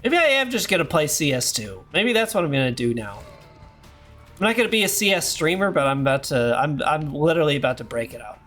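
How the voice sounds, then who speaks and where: Male streamer in his thirties, hoarse, rambly and self-deprecating, slightly high voice. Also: sing-song, brisk, a bit bright, soft background music. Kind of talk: casual gameplay chat.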